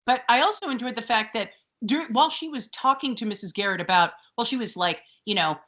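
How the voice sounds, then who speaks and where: A woman's voice: a little high, expressive, quick pace, sharp tone. A woman co-hosting a podcast in casual chat, chatty, with many fillers and frequent laughs. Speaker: podcast co-host.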